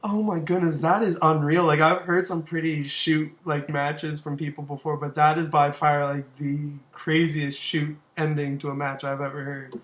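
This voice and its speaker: A man's voice: a little high, flat delivery, normal speed, hardly any pauses, a bit bright. A man hosting a casual interview show, easygoing and reacting with short remarks. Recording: roomy, echoey room.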